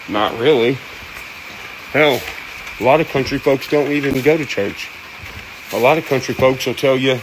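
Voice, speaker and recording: Southern man, mid-pitched, blunt folksy monologue, steady noise behind. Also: unhurried, long pauses. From American South. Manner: blunt, folksy, plain-spoken. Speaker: host. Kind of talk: casual monologue.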